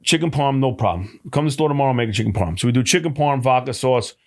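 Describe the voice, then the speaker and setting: A middle-aged man, talking quickly and telling a story. He acts out what other people said and swears without a second thought, in a voice of ordinary pitch. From New Jersey. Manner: animated storyteller, acts out dialogue, swears casually. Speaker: deli owner, guest. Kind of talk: casual storytelling chat.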